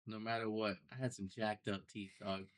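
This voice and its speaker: A young man, a podcast guest, telling his personal story in a casual, animated way with loose slang. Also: lowish voice, moderate pace. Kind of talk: storytelling interview.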